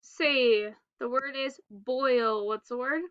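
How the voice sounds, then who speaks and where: A woman with a high, bright and smooth voice leads a phonics lesson for young children. She speaks slowly and enunciates each word with care. The recording is a little dull, like a lo-fi home setup. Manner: slow, deliberate, clearly enunciated word prompts. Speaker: teacher.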